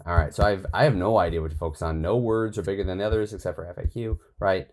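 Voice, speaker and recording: A man's voice: low-pitched, quick pace, a little mellow. A man teaching a copywriting course in a casual, think-aloud way, often restarting his sentences. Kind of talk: casual screen-share tutorial.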